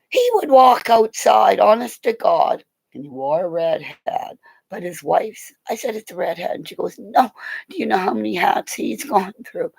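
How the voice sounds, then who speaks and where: In a mid-range, creaky voice with a breathy edge, a middle-aged woman livestreams casual, rambling animal stories. Excitable and laughing, she swears plenty and leaps between stories. The recording is low quality.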